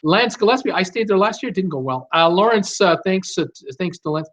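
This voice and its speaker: A man's voice: sits high, brisk, fairly bright tone. A middle-aged man hosting a live stream, casually reading out viewer comments and answering them with many fillers and restarts. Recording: dull lo-fi stream audio.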